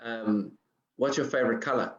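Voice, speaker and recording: A woman's voice: a bass voice, moderate pace. A woman hosting a casual interview, asking short questions and humming encouragement. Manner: brief questions, encouraging hums. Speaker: host, interviewer. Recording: roomy and dull.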